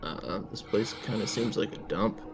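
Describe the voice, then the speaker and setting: A man's voice: lowish voice, moderate pace. A man playing a tabletop role-playing game, joking and hesitating with fillers. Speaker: player. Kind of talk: casual tabletop game chat.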